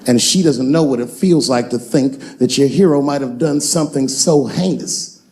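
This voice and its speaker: A man's voice: medium pitch, normal speed, darkish tone. A man in his forties doing a wry, storytelling stand-up comedy routine on stage before a live audience. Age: 40s.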